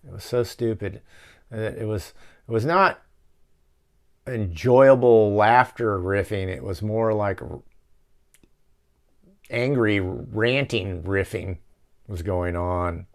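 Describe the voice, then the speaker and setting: Gravelly low-voiced man ranting casually. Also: slow, pauses often. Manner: rambling, profane, ranting. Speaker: show host. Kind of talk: casual movie riffing commentary. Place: office.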